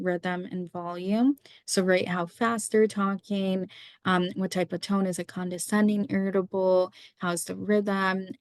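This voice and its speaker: A woman's voice: mid-range voice, no echo. Woman lecturing over slides, dry sound. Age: young adult. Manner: explanatory, asks lists of rhetorical questions. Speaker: psychiatry resident teaching medical students.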